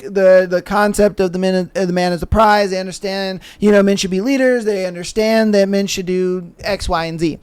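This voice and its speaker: Emphatic, argumentative male podcast host. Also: sits high. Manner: argumentative, emphatic, rhetorical questions. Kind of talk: casual podcast commentary.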